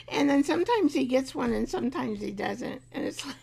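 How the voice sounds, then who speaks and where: A woman's voice: on the high side, lively intonation, normal speed, vocal fry, few pauses, darkish tone, husky. A middle-aged woman hosting a live craft show, chatting and rambling as she works, laughing often and talking to her craft pieces. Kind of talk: live craft tutorial chat.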